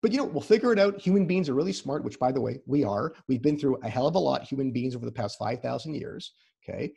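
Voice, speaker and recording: A man's voice: medium pitch, fast talker, gravelly, mellow, husky. A man speaking as a therapist guest in a casual conversation over a video call. He often repeats words as he starts a sentence and lays his advice out in practical steps. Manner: explains in numbered practical steps.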